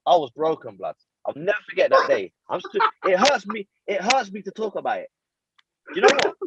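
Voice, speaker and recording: A man, co-hosting a casual chat and telling a story with lively, self-mocking slang. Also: sits high, fairly quick, dull audio, noisy background. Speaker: podcast co-host.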